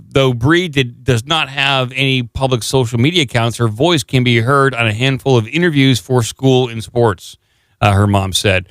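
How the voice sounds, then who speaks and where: A man on a podcast reads a news article aloud and breaks in with dry, sarcastic comments. His voice is smooth and resonant. It sounds close and dry on a studio microphone. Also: mid-range voice, fairly bright tone, no echo. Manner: sarcastic, jokey asides. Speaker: podcast co-host. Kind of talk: casual chat, reading a news article aloud.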